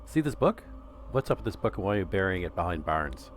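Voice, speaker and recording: Deep-voiced joking man streaming a game. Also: very animated, a little slow, long pauses, fairly bright tone, faint music behind. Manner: joking, sarcastic, slips into voices. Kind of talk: casual gameplay commentary with read-aloud quests.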